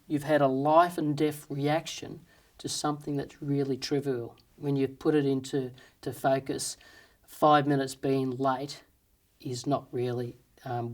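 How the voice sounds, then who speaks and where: A man telling a fable and then drawing its moral in an earnest, plain-spoken way, with rhetorical questions. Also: mid-range voice. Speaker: storyteller and motivational speaker.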